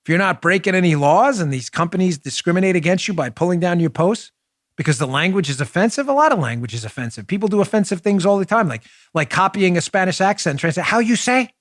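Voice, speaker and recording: A man hosting a political talk show, delivering an emphatic monologue that jumps from loud exclamations to low asides. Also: lively intonation, quick pace, no room sound, clean studio sound. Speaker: podcast host.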